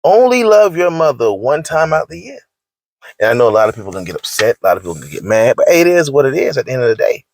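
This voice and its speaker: A man's voice: mid-range voice, very animated, rapid-fire, slight background noise. A man delivering a preachy, scolding rant in slangy speech, hammering his points home by repeating them. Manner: emphatic and repetitive, scolding, slangy. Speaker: online commentator.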